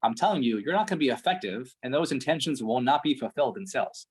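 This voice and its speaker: Blunt, husky-voiced male sales coach. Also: mid-range voice, lively intonation, quick pace. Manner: blunt, profane, intense. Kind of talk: one-on-one coaching call.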